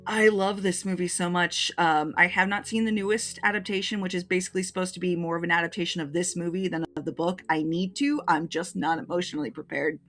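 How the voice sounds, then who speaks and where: A woman with a lowish voice talks through her favorite films in a casual review, gushing and openly emotional. Faint music plays underneath. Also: steady tone, fast, hardly any pauses, a bit bright. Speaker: movie reviewer. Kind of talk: casual list review to camera.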